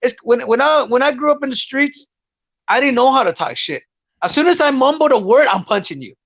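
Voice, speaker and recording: High-voiced, blunt fighter on a lo-fi line. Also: male voice, lively intonation, brisk, a bit bright, no room sound. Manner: blunt, profane, rambling. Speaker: guest fighter. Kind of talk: casual podcast chat.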